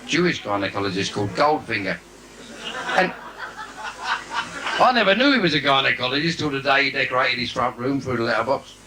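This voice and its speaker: A man doing bawdy stand-up in a live cabaret, brash and cheeky, now and then breaking into shouted asides. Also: mid-range voice, expressive, brisk, long pauses. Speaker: stand-up comedian. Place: live theatre stage with audience. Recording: noisy live 1980s theatre recording.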